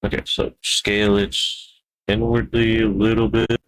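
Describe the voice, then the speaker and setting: A man's voice: lowish voice, flat delivery, measured pace. A man streaming live while building a 3D model, talking to himself in a rambling, playful way with wordplay asides.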